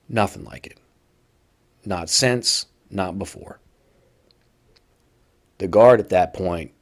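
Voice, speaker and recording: A man telling a story from his time in prison in a casual, conversational way as a podcast host. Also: low-pitched. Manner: casual, conversational, acts out quoted voices loudly. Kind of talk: first-person storytelling monologue.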